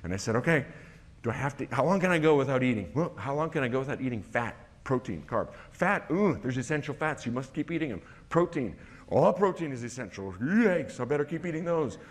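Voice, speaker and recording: Man telling a lively personal story. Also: medium pitch, quick pace. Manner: animated storyteller, acts out dialogue. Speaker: conference speaker.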